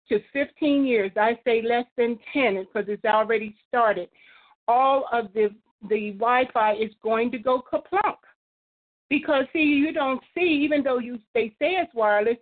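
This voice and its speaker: A woman calling in to a talk line, rambling and preachy, quoting scripture. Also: fairly high pitch. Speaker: caller. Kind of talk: phone-in call. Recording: phone line.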